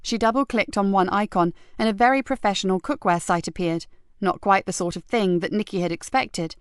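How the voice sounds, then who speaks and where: A woman narrating a crime novel audiobook in a steady, even read. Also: mid-range voice, brisk, clear, resonant tone, dry recording, studio quality. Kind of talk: scripted narration.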